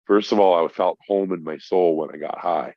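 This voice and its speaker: A man's voice: low-pitched, steady tone, normal speed, no echo. A middle-aged man, a podcast guest, telling a personal story in casual chat, swearing often and calling the host bro. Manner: profane, emphatic, addresses host as bro. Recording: dry, dull lo-fi sound.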